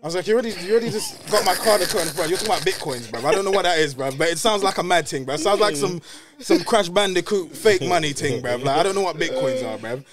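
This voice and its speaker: A young man telling a story in a casual podcast chat, animated and slangy, acting out dialogue. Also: on the high side, quick pace, few pauses. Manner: animated, slangy, says "bruv" constantly, acts out dialogue. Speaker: podcast guest.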